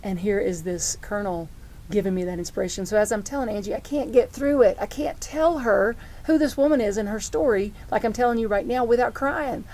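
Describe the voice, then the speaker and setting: Warm-voiced middle-aged woman pastor. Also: a little high. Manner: heartfelt, personal storytelling with frequent restarts. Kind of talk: conversational sermon.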